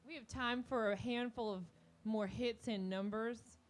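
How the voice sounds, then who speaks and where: A woman's voice: on the high side, fairly even intonation, unhurried. A woman hosting a music and comedy show, chatting casually between songs in a joking, self-deprecating way. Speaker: host and musician. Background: guitar playing.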